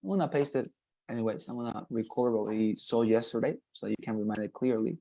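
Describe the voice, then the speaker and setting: A man leads an online English lesson, patiently repeating each word and checking understanding. His voice sits at a mid pitch, and the recording is dry and close. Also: gravelly, mellow, no echo, highs cut off. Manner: patient, repetitive, models pronunciations slowly, frequent "right?" checks. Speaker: English teacher.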